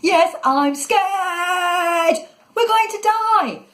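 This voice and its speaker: A woman voicing a frightened young boy in a storybook reading, high and panicky. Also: drawn-out words, a bit bright, echoey room, full character voice. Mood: terrified.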